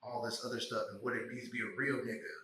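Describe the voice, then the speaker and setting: A man's voice: medium pitch, pushed and bright. Reflective man host, echoey room. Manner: reflective, measured, with slang. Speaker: podcast host, doctoral student. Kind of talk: casual conversation.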